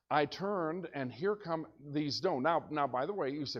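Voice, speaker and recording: A male pastor with a fairly high voice preaches in a church, telling a story with lively energy. He jumps between quiet asides and excited shouts. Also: a little slow, hardly any pauses, lo-fi sound. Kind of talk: storytelling sermon. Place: church sanctuary.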